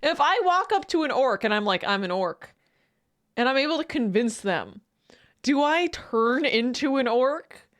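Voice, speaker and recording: A woman streamer chatting casually as she reacts to videos, excitable, laughing often and swearing freely. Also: sits high, moderate pace.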